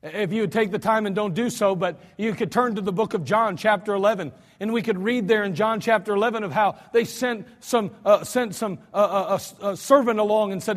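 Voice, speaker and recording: An American male pastor preaching a storytelling sermon, swinging between soft asides and loud cries. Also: high voice, brisk, hardly any pauses. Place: church sanctuary. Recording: church hall reverb.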